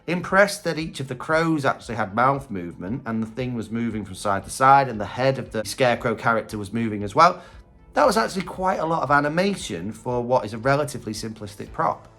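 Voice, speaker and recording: A man's voice: mid-range voice, fairly bright tone. A man giving casual reaction commentary on Halloween props, chatty and candid, thinking aloud. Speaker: Halloween prop reviewer.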